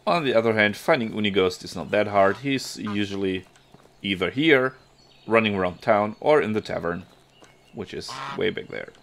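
A man's voice: fairly low pitch, moderate pace, fairly bright tone, slight background noise. A man hosting a let's play, chatting and thinking aloud as he plays. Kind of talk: game commentary.

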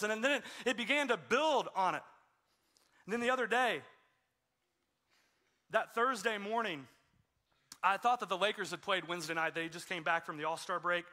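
A male pastor delivers a sermon in a relaxed, chatty way, with a fair amount of self-deprecating humor. His voice sits high for a man and sounds very bright and sharp. He talks in a church. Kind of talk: conversational sermon. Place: church sanctuary.

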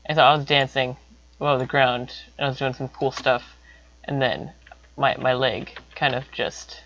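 A young man telling a casual story about himself in a rambling way, repeating words and breaking into sudden high exclamations. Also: fairly even intonation, normal speed, fairly bright tone. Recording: dull lo-fi recording.

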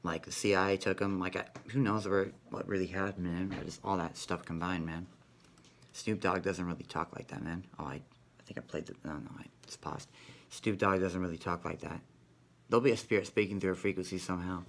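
A man's voice: low-pitched, steady tone, brisk, gravelly, a little hiss or hum. A man vlogging in a rambling, profane monologue, ending nearly every sentence with "man". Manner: rambling, repeats "man" constantly; profane, conspiratorial.

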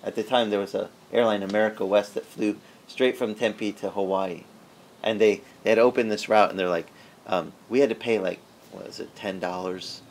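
A male pastor telling a story in a sermon, animated and conversational, acting out the people he quotes. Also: fairly low pitch, normal speed, slight background noise. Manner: conversational with frequent restarts.

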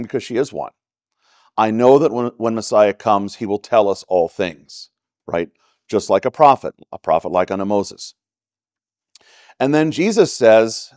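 A man's voice: fairly low pitch, darkish tone, no echo, studio quality. A man with a Texan accent teaching a church Bible study in a conversational way, often checking in with "right?". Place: church classroom.

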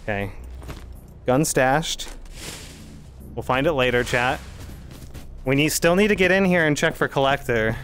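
A male streamer talks his audience through a run in an easy, middle-pitched voice, thinking aloud as he goes. Faint music plays behind him. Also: expressive, unhurried, pauses often, fairly bright tone. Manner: chatty, thinking aloud while playing. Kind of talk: live gameplay commentary to chat.

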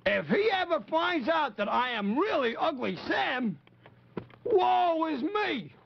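A man's voice: big pitch swings, slow, full character voice. A man voicing a timid, nervous male puppet character on a 1950s children's TV show, stammering and fretful. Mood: worried. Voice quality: high creaky raspy voice. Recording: dull lo-fi 1950s TV audio.

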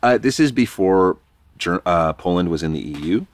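A man's voice: sits low, animated, normal speed. A man from New York, a podcast guest, telling a rambling, self-deprecating story in a casual, swearing way.

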